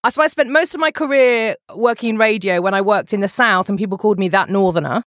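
A middle-aged Englishwoman with a Midlands background talks easily in a casual interview, lively and quick to tell a story. Her voice sits at a middling pitch, heard in a dry, close recording. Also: no room sound. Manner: lively storyteller, mimics regional accents. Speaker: podcast guest, journalist.

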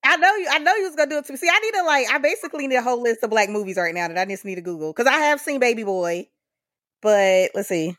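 A woman's voice: fairly high pitch, animated, fast, fairly bright tone, no room sound, studio quality. A woman hosting an interview, teasing and eager, laughing often with her guest. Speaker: interviewer and host. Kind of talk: casual interview chat.

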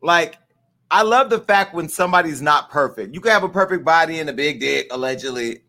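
A man's voice: fairly high pitch, lively intonation, brisk, bright, forceful tone. A man hosting his show in a rambling, crude and joking monologue. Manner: bawdy, rambling, joking asides. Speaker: show host. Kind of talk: casual crude comedic monologue.

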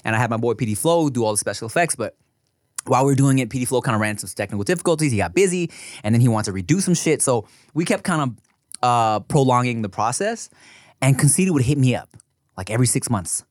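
A young man chatting on a podcast with a lively, wide-ranging delivery. He swears freely and breaks into laughter often. The recording is dry and close to the mic. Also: medium pitch, fast, dry recording. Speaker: podcast co-host. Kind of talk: casual podcast banter.

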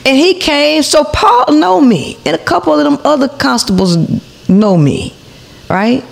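A woman's voice: sits high, very animated, measured pace, creaky. A woman in her forties, hosting a podcast, tells a heated story to her viewers, profane and full of asides to the audience. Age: 40s. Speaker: podcast host.

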